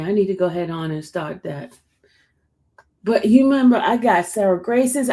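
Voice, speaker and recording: A woman hosting a casual livestream, chatting and answering viewer comments in an expressive way. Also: medium pitch. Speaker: livestream host covering court cases. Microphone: streaming setup.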